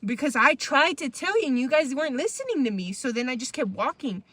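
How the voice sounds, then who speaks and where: High-voiced woman telling a story. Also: fairly quick, husky. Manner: animated, slangy and profane, laughing often. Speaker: podcast host. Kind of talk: casual storytelling chat.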